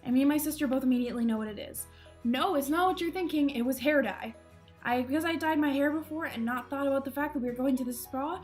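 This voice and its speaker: Speaking to camera in a high, bright voice, a young woman vlogger chats about her own mishaps in a casual, self-deprecating way, frequently laughing. Faint, soft music sits underneath.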